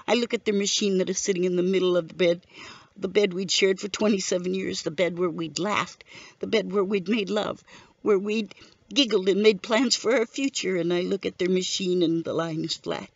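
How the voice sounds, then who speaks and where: Her voice medium-pitched and a little fast, a middle-aged widow steadily recounts her story in an earnest, grieving testimony. The lo-fi recording sounds dull and has no echo.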